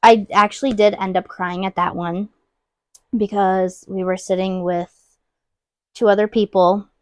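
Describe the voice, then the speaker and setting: A young woman co-hosting a podcast, openly telling her own story in a soft-spoken casual chat, with plenty of "like" fillers. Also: mid-range voice, fairly even intonation, a little slow, no echo. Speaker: podcast co-host.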